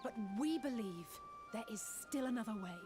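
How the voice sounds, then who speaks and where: A woman's voice: a little high, expressive, moderate pace, natural voice. An actress voicing a defiant young woman, earnest and resolute as she pleads with her father. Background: game music.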